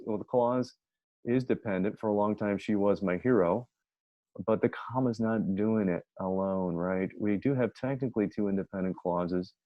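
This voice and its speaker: A man's voice: lowish voice, no echo. A man teaching a grammar lesson in a chatty way. He often corrects himself and reads his example sentences aloud. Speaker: writing teacher. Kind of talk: informal grammar lecture. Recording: dull dry lo-fi sound.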